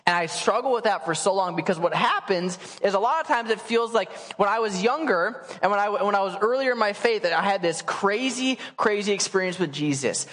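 A man in his late twenties preaching in a casual, animated storytelling way, acting out quotes. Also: high-pitched, a little fast, few pauses. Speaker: pastor. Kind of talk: sermon storytelling. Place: church sanctuary. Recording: church hall reverb.

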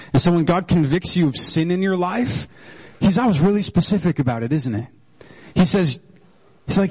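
A middle-aged male pastor preaching a sermon in an animated, joking manner. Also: breathy edge, no echo, low-quality recording. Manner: animated and joking, with wide swings in pitch.

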